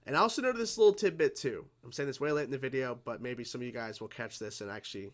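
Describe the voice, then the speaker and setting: In a medium-pitched, slightly bright voice at a quick pace, the reaction video host comments on a cartoon episode. He rambles casually, swears, laughs often and restarts sentences.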